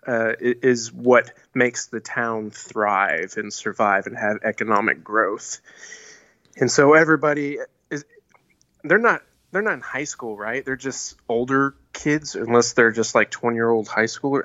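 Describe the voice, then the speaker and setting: A man talks loosely through a film plot in a casual podcast chat, often trailing off and restarting. His voice is bright and pointed, and it sits dry and close. The recording has a slightly dull, lo-fi edge. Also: medium pitch, no echo. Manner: laid-back, rambling, with many fillers and restarts. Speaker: podcast co-host.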